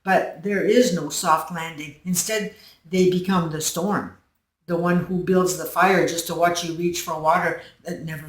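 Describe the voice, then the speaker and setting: A woman's voice: lowish voice, far from the mic. Earnest woman speaking from across an echoey room. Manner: slow, earnest, storytelling with soft dips in volume. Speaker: channel host. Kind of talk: reflective self-help monologue. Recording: roomy echo, voice set back from the mic.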